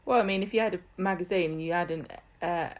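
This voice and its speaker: A woman's voice: on the low side, fast. A woman co-hosting a podcast, chatting casually with dry jokes and pointed questions. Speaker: podcast co-host. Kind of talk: casual chat.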